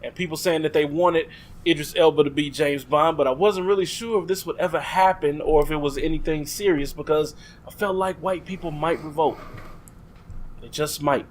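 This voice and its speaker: A man hosting a podcast in casual chat, relaxed, passing questions to the others. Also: on the high side, normal speed, a little hiss or hum. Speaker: podcast host.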